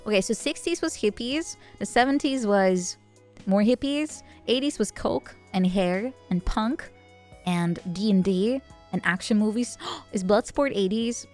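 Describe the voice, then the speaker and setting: A woman streamer in loose, casual chat, rambling from one joke to the next and laughing often. Her voice sits at an ordinary middle pitch. Soft music plays faintly behind her. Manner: rambling, joking, quick to laugh.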